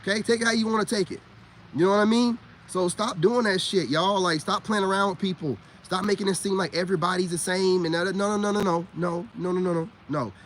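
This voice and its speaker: A man's voice: high voice, fairly even intonation, a little fast, fairly bright tone, a little hiss or hum. A man giving a blunt, profane lecture in a casual rant straight to camera. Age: adult parent. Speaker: vlogger. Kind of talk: casual ranting monologue.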